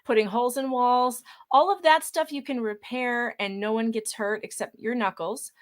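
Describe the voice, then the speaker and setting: A middle-aged woman guesting by video call in a casual interview, animated, sarcastic and quick to laugh. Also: on the high side. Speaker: guest writer.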